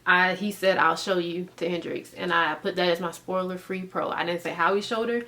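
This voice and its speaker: A woman in her thirties giving a casual book review vlog, talking in an animated, emphatic way and firing off rhetorical questions. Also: on the low side, fairly quick. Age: 30s.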